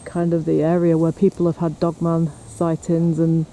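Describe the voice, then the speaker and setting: A high, mellow-toned man talks casually to camera, teasing his companion as they walk through woods. Faint wind and outdoor noise sit under the handheld recording. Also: completely flat delivery, moderate pace. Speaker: paranormal investigator vlogger. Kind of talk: casual outdoor vlog narration. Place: outdoors on a windy hill and in woods.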